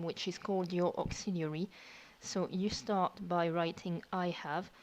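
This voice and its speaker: A woman's voice: fairly low pitch, darkish tone, rough recording. A woman teacher, patiently explaining verb tenses step by step in a recorded lesson. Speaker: French teacher.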